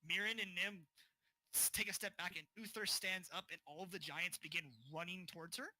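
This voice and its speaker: A man's voice: high-pitched, steady tone, a little fast, bright, forceful tone, no echo, rough recording. A man narrating as game master in a casual style, with many fillers.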